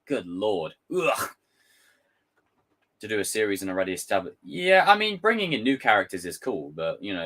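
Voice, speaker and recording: A man on a livestream reads chat messages aloud, chatting casually and ranting with animated exasperation while swearing freely. His voice sits on the low side.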